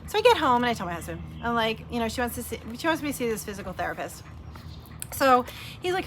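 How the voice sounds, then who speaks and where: A middle-aged woman vlogger chatting casually and warmly about her weight loss, telling stories with lots of fillers and acted-out quotes. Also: on the high side, very animated, fast, a little hiss or hum. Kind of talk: casual heartfelt chat.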